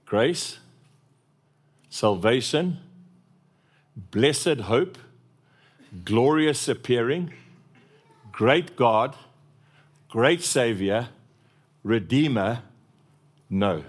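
A man's voice: mid-range voice, drawn-out words, long pauses, breathy edge. South African man preaching a sermon. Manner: lively storytelling with laughter.

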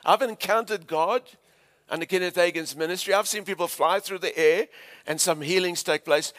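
A South African man in his fifties, a pastor telling a story in a sermon to a live church audience, animated and laughing along with them. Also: sits high, fairly quick.

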